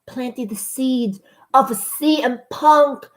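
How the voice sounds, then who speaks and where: A woman giving a casual spoken review of a wrestling show, excitable and profane, breaking into gushing shouts. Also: high voice, slow pace.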